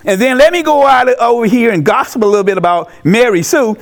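A man preaching a sermon, animated and emphatic, repeating key phrases for effect. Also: extremely high pitch, fast. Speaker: pastor.

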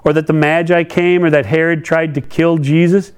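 Conversational male preacher, fairly high voice. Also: flat delivery, moderate pace, smooth. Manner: conversational, asks the listeners questions. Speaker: pastor. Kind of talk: sermon.

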